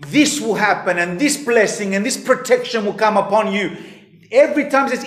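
A man preaching a sermon as pastor, emphatic, his voice rising and falling in pitch and volume. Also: brisk, a bit bright. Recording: echoey hall.

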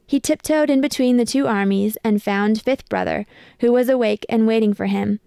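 A woman reading a picture book aloud with measured, expressive storytelling. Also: a little high, gravelly, smooth, no echo, studio quality. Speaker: storybook reader.

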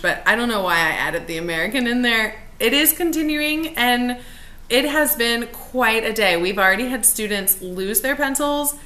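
Bright-voiced chatty woman teacher. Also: mid-range voice. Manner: chatty and upbeat, sometimes weary and exasperated. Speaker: elementary school teacher. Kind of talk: casual morning vlog.

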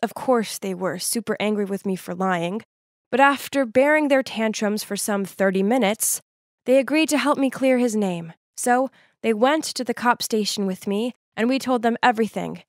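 A woman with a somewhat high voice narrates an animated story in the first person. Her telling is scripted and earnest, and the recording is dry and close. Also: moderate pace, no room sound.

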